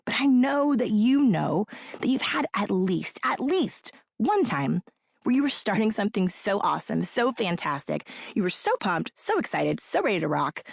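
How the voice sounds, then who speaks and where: A woman narrating her own audiobook in an energetic, playful pep-talk manner. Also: mid-range voice, moderate pace, gravelly, breathy edge, dry recording, clean studio sound.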